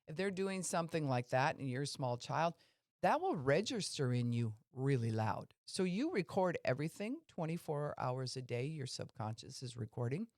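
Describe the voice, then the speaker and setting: A woman's voice: extremely low pitch, big pitch swings, moderate pace, a little mellow, no echo, studio quality. A woman pastor giving a conversational teaching talk on a podcast, explaining and asking listeners questions.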